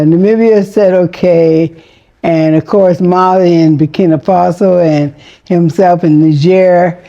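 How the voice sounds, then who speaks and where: Woman, casual commentary host, rambling, exclaiming, mellow voice, slightly dull recording. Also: on the low side. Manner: chatty, rambling, exclaiming, laughing asides.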